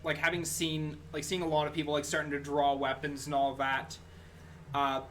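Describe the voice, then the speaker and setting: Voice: mid-range voice, monotone, normal speed, a bit bright, slight background noise. A game master narrating a tabletop game in a loose, hesitant way with many fillers.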